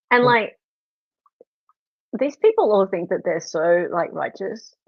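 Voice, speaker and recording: A woman from Australia hosts a relaxed stream, chatting and teasing between comments. The sound is close and dry, with a slightly dull, lo-fi quality. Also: mid-range voice, unhurried, no echo. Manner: chatty, teasing, laughs often. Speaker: stream host. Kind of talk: casual live-stream chat, reading comments aloud.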